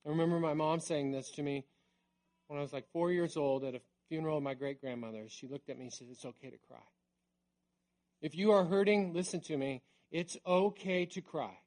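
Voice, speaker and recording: A middle-aged man preaching a sermon in a conversational way, dropping to a near hush on key words. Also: a little high, a little fast. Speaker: pastor.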